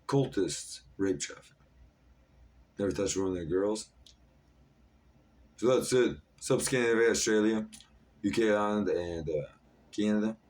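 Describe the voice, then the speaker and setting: A man's voice: on the low side, measured pace, long pauses, a little mellow. A man in his thirties talking in a disjointed, jumpy stream with many fillers, in a rambling monologue to camera. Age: 30s. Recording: voice a bit far from the mic.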